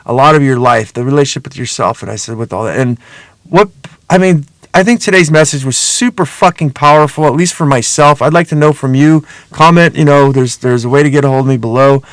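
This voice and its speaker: A man's voice: medium pitch, a little fast, no echo. A middle-aged man hosting a podcast, talking in a casual, rambling, earnest monologue full of swearing. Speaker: podcast host.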